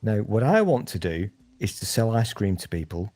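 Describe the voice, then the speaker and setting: A man's voice: on the low side, very animated, normal speed, a little mellow, soft background music. A man with a British accent, talking in a rambling, jokey, crude way in a casual group chat.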